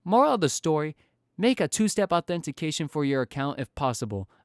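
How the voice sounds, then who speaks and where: Young man, storytime vlog, exasperated rant, smooth clear voice, dry. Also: on the high side, brisk, no echo. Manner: animated, exasperated ranting. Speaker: storytime vlogger.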